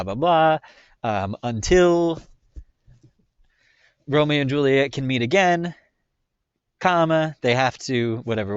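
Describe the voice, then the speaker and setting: A man's voice: medium pitch, clear, resonant tone, no room sound, dull audio. A man teaching a slideshow grammar lesson in a casual way, full of ums and frequent checks of "right?". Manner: casual, filler-heavy explaining with frequent "right?".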